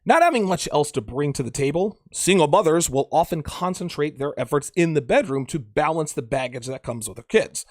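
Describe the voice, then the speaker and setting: Animated, profane man giving blunt advice. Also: on the high side, brisk, hardly any pauses, dry recording, clean studio sound. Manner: blunt, profane, emphatic, repeats himself. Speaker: dating advice podcast host. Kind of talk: crude casual monologue.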